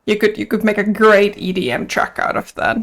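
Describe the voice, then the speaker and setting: A woman's voice: mid-range voice, little pitch movement, fairly quick, fairly bright tone. A woman streaming a video game, chatting casually and playfully, sneezing now and then and singing silly rhymes. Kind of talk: casual gameplay commentary.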